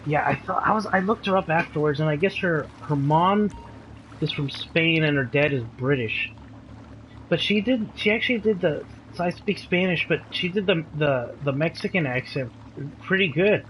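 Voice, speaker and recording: A man's voice: a little high, lively intonation, normal speed, a bit bright, a little hiss or hum, low-quality recording. A man reviewing a movie in casual chat, laid-back and often saying "dude" and "like".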